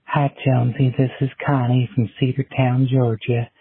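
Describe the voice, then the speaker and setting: A man's voice: mid-range voice, little pitch movement, normal speed. Rambling man on a tinny phone line. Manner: rambling, repetitive. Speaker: voicemail caller.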